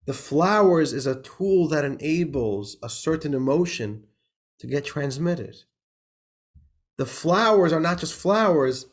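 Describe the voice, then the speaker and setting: A man's voice: fairly high pitch, lively intonation, measured pace, faint music behind. A man, a rabbi, teaching an informal class, talking in a chatty way with laughs, many restarts and questions like "right?". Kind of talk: informal class lecture with a joke.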